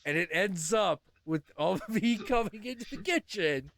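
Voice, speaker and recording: Slight background noise sits under this high male voice at normal speed. The podcast host is animated and profane as he chats through a story, acting out the voices of its characters.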